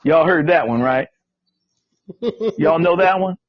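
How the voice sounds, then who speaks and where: A man's voice: a little high, slow pace, dry recording. A man, telling a folksy story in casual chat. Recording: dull, lo-fi sound.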